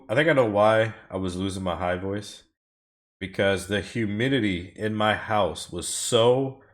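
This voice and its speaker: A man with a fairly low, fairly bright voice live-streams himself racing time trials from home. It's casual chat with his viewers, full of rambling and frequent swearing as he drives and replies to them.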